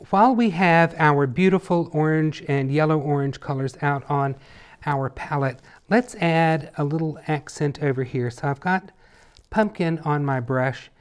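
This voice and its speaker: A man teaching a painting lesson in a relaxed tutorial, chatty and playful as he talks while he works. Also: medium pitch. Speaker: painting instructor.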